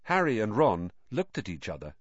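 A man reads a storybook aloud with lively, rising and falling pitch. He is expressive and animated. The recording is dull and dry. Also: moderate pace, dry recording. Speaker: audiobook narrator. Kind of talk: scripted storybook narration.

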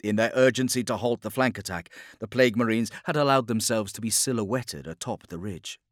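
A man narrating a war story as a scripted audiobook, in a steady, dramatic storytelling delivery. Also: on the low side, fairly quick, no room sound, clean studio sound.

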